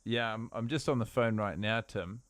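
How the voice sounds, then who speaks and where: A man's voice: fairly low pitch, normal speed, no room sound. A man co-hosting a podcast, musing in a wordy, dry way during casual banter. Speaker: podcast co-host.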